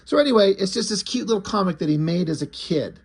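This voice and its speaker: A man recaps a book's plot in a loose, rambling, conversational way. His voice sits a little high and has a husky grain. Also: lively intonation, fast talker. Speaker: book reviewer. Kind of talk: casual plot retelling.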